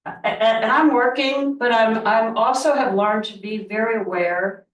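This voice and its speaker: A woman's voice: fairly high pitch, normal speed. A middle-aged woman, a real estate agent, telling a rambling story at a team meeting with lots of restarts. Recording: roomy, distant mic.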